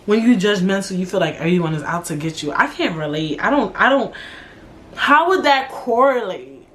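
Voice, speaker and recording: Young woman just talking on her podcast, cussing a lot, blunt and animated, medium voice. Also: mid-range voice, moderate pace, a little hiss or hum. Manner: blunt, profane, animated, drawling slang. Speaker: podcast host. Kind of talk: casual solo podcast monologue.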